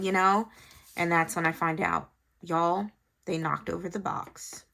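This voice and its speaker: A woman's voice: on the low side, unhurried, creaky, a bit bright. A woman, chatting to viewers while decorating a planner and telling a family story. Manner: chatty storytelling, talks to viewers, thinks aloud. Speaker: planner vlogger and mother. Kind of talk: casual chat while decorating.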